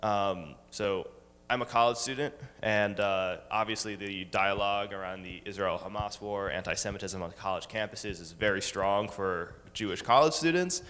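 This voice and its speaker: A college-age man giving a slide talk to a congregation, pausing often with ums and uhs. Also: fairly low pitch, a bit bright, long reverb tail. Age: 20s. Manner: hesitant, many ums and uhs. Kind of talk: presentation with slides. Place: synagogue hall.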